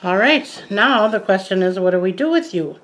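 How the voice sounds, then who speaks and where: A woman's voice: mid-range voice, expressive, moderate pace, low-quality recording. An older woman chatting casually to the camera as a plant vlogger, rambling with lots of asides and self-corrections.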